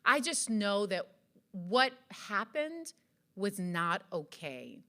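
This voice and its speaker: An animated woman from Jamaica speaks slowly and earnestly to an audience at an event. Her bright, fairly high voice rises and falls, and she asks many rhetorical questions. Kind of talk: motivational speech to an audience. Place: event hall.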